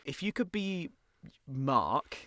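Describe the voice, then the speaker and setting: A man's voice: a little high, big pitch swings, slow pace, fairly bright tone, no echo, clean studio sound. A man co-hosting a podcast, chatting easily and reading a script's scene directions aloud. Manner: easygoing, reads stage directions. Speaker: podcast co-host and script reader. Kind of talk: casual chat and script reading.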